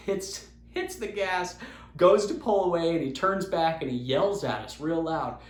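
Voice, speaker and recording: A young man from Utah, hosting a podcast and telling a story in a casual, animated way, acting out the quotes. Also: fairly high pitch, unhurried. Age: young adult. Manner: animated, chatty, acts out quotes. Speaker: podcast host. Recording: roomy echo.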